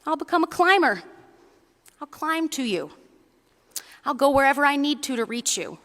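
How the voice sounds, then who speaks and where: A woman voicing a patient, loving mother rabbit who calmly reassures her runaway child, in a storybook telling. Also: high-pitched, moderate pace, long reverb tail, voice pushed up. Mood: reassuring. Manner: soothing, reassuring, easygoing.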